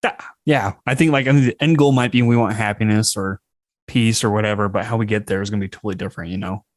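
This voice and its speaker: A man hosting a casual podcast, his voice somewhat low and recorded dry and close. He talks in a relaxed, easygoing way. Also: quick pace, dry recording. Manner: easygoing, laughs along. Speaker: podcast host. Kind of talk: casual conversation.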